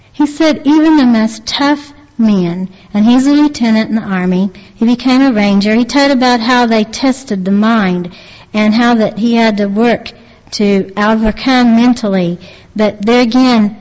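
A woman earnestly retelling a religious testimony as a lay preacher, halting and restarting her sentences. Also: a little high, a little mellow. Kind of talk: devotional storytelling. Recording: long reverb, dull lo-fi sound.

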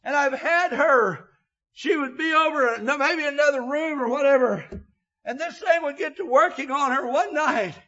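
An older man preaching an emotional sermon, often shouting, with a filler 'uh' between phrases. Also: very high voice, moderate pace, highs cut off.

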